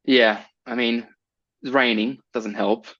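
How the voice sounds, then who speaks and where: A man's voice: medium pitch, steady tone, slow pace, a bit bright, no echo, highs cut off. A man co-hosting a podcast in casual chat, laughing often and trailing off with "I don't know". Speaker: podcast co-host.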